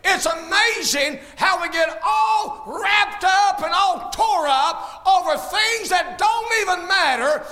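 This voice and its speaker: A man preaching at full volume, with a very high, piercing voice. He shouts his points, then drops into folksy, joking asides. It is a fiery sermon from the pulpit. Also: expressive, slow, hardly any pauses. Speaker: pastor.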